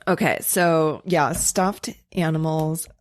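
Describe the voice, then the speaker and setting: A woman's voice: sits low, steady tone, slow, dry recording, clean studio sound. A young adult woman co-hosting a podcast in casual chat, reading out listener stories with rambling, swearing asides. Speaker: podcast co-host.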